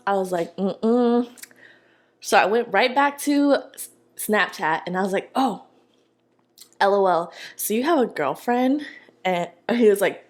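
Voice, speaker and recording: Sassy young woman telling a story. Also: medium pitch. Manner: animated, sassy, slangy. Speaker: mukbang vlogger. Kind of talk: casual storytelling while eating.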